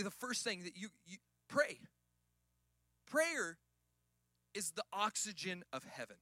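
High, bright-voiced preaching man. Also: no room sound, clean studio sound. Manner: preaching, builds to shouted emphasis. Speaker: pastor. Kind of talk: sermon.

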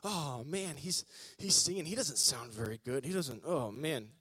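A man's voice: fairly high pitch, lively intonation, moderate pace, fairly bright tone, slightly rough, no room sound, pitched below the performer's own voice. A man voicing an annoyed, sleepy male prisoner who grumbles and complains.

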